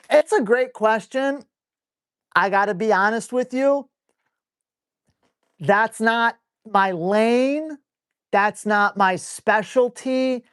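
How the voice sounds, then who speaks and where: A man's voice: high-pitched, a bit bright, smooth, dry recording, clean studio sound. A man hosting a live stream Q&A on dog training, who reads viewer questions aloud and answers in a blunt, casual, salty way.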